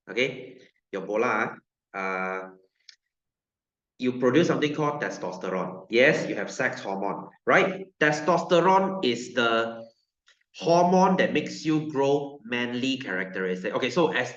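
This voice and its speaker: A man's voice: medium pitch, a bit bright. A male science teacher with a Malaysian English accent lecturing a class, joking, repeating himself and firing questions at students. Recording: roomy classroom, dull lo-fi sound.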